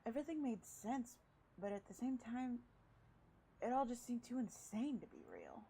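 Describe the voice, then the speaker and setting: A woman's voice: a little high, animated, normal speed, warm tone, husky, low-quality recording. A woman reading a visual novel aloud, dropping breezy, swearing jokes between the lines. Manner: breezy, swears casually in jokey side comments. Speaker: let's play gamer.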